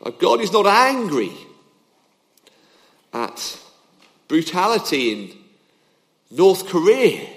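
A man's voice: sits high, sing-song, slow pace, pauses often. A man preaching a sermon, emphatic, with his voice rising and falling to drive points home. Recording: long hall reverb.

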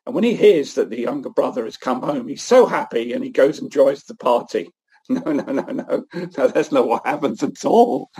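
Earnest man preaching, husky. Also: mid-range voice, moderate pace. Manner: earnest, animated, often restarts phrases. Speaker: guest speaker at a church event. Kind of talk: sermon-like talk.

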